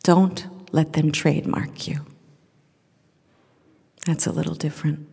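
A middle-aged woman shares a personal story with a live audience. She speaks earnestly and with deep feeling, her voice sometimes sinking to a near whisper. Her words ring out with the long reverb of a large hall. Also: level tone, a little slow, gravelly, husky. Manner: earnest, emotional, drops to a hush at the end.

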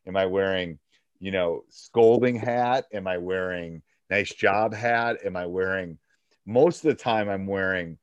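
A man with a fairly low voice talks a fellow coach through his advice in an easy, conversational way, often acting out both sides of a dialogue. The sound is dry and close, with no room around it. The call audio is dull and lo-fi. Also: measured pace, clean tone, no room sound. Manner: conversational, acts out back-and-forth dialogue. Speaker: basketball coach and podcast host.

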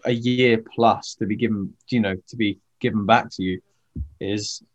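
A man's voice: fairly low pitch, steady tone, normal speed, muffled recording. A man, a stage actor, chatting as an interview guest over a video call, rambling with many fillers and restarts.

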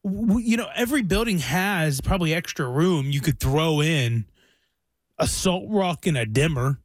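A man co-hosting a talk radio show chats loosely, rambling and restarting his sentences. His voice sits a little high. The studio mic is close and dry. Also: expressive, normal speed, no room sound. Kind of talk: casual radio banter. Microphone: studio microphone.

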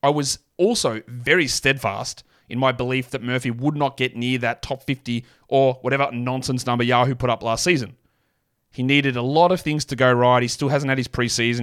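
A man's voice: medium pitch, a bit bright. Blunt, rambling male podcast host. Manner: blunt, rambling, self-mocking. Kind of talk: casual solo podcast talk.

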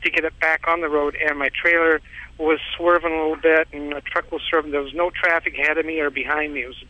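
A man's voice: on the high side, level tone, quick pace, dry recording, dull audio. A man calling in, telling a long story in a rambling, repetitive way and laughing at himself. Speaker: caller. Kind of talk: casual phone-in storytelling.

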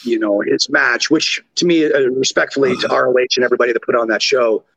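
A man with a Canadian accent tells stories on a podcast, animated and profane. His voice is husky, with plenty of gravelly fry. The sound is dry and slightly dull. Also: mid-range voice, quick pace, no room sound. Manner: animated, profane, jumps into impressions. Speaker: podcast guest, former wrestler. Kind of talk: casual storytelling.

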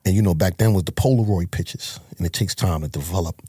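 A man's voice: low-pitched, fast, dark tone, husky, dry recording, clean studio sound. A man, telling his life story as a guest in a blunt, profane, emotional way. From Harlem, New York. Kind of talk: candid life-story interview.

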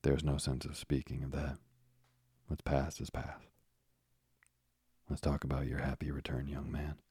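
A man's voice: very deep voice, completely flat delivery, measured pace, warm tone, breathy edge, no room sound, exaggerated voice. A man voicing a sly, ingratiating young male tailor in a storybook reading.

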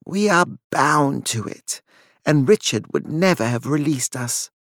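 A man's voice: fairly high pitch, lively intonation, unhurried, fairly bright tone, no room sound, clean studio sound, voice pushed up. A man voicing a composed, cold-spoken woman in an audiobook, level and commanding.

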